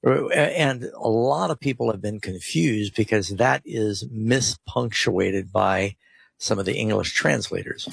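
Husky gravelly radio Bible host. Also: male voice, on the low side, a little slow, no echo. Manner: reads scripture aloud with stressed emphasis. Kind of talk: call-in Bible radio answering. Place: radio studio.

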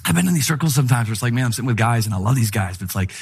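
A middle-aged man preaching a sermon in a conversational, humorous style, telling animated stories. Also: on the low side, rapid-fire, slightly rough. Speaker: pastor.

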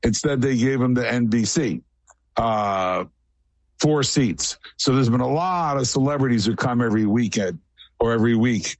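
A man of middle pitch talks in a rambling, matter-of-fact way, one story running into the next. The sound is dry and close, with no room around it. It is a casual radio interview. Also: moderate pace, no echo. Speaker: guest.

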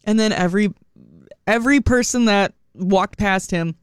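A woman in her thirties co-hosting a morning radio show, telling a story in an animated way and laughing often. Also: mid-range voice, moderate pace, smooth, dry recording. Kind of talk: casual radio chat.

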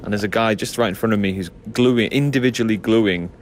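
Calm male documentary presenter. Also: fairly low pitch, brisk, a little hiss or hum. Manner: calm, descriptive storytelling. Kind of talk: documentary narration and on-site reporting.

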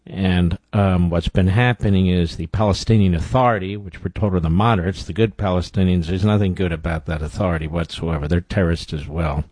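A male talk host with a very low voice speaks bluntly and with emphasis, leaning on repeated words to press his points. The sound is dry and close, with no room around it. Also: steady tone, brisk, few pauses, darkish tone, dry recording. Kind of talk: opinionated commentary.

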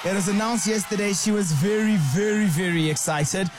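A male radio host talking in a chatty, animated and opinionated way, with faint music behind. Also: sits high, normal speed, heavy background noise. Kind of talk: casual radio chat.

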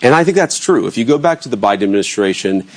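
A man being interviewed as a politician, answering in a measured, steady way and defending his position point by point. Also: on the low side. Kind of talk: calm explanatory answers.

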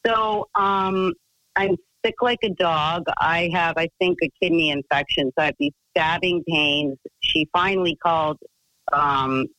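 A woman's voice: lowish voice, unhurried, fairly bright tone, no room sound, poor audio. A woman caller rambles through a long personal story, piling on fillers and restarts. Her voice sounds close and dry, with no room around it. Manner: chatty, rambling, full of fillers.

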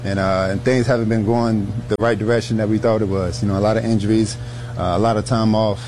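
A man's voice: lowish voice, steady tone, fast, darkish tone, slight background noise. A man speaking as an athlete in a press clip, hesitant and full of fillers.

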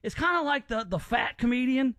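A man's voice: very high voice, animated, brisk, fairly bright tone, no room sound. A man hosting a podcast, giving opinions in casual chat and often repeating words as he restarts. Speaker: podcast host.

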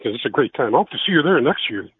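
A man's voice: medium pitch, very animated, very fast, husky, dry recording. A man calling into a radio show, talking hesitantly with many fillers. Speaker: radio caller. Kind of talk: phone-in call. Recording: tinny phone line.

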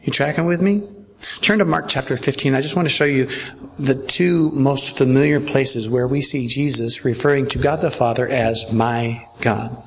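A man's voice: medium pitch, moderate pace, creaky, slight background noise. A man preaching a verse-by-verse sermon as pastor, in a conversational way that keeps checking in with his listeners.

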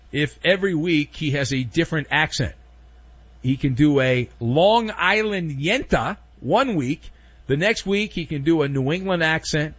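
A man hosting a sports talk show, giving opinionated commentary in a sarcastic, animated way. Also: a little high, breathy edge, dry recording, muffled recording. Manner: sarcastic, animated, mock voices for anecdotes.

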